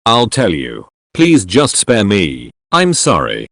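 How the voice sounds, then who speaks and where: A man reading an audiobook, voicing a cruel male captor who talks in a low, slow, strained, pleading way. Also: very animated, no echo, clean studio sound, full character voice. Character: cruel grown male captor, broken and begging. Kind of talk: audiobook character voice.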